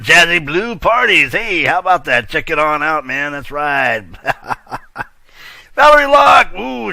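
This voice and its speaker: Hyped, animated male show host. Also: a little high, no room sound. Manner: hyped, slangy, laughs a lot, trails off. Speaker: host of a virtual-world news show. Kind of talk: casual show hosting.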